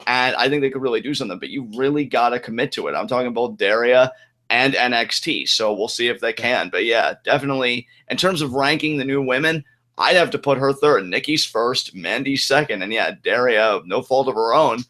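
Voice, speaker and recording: Bright-voiced, animated podcast man. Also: mid-range voice. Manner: animated, agreeable, quick bursts of enthusiasm. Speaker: podcast co-host. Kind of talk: casual wrestling review chat.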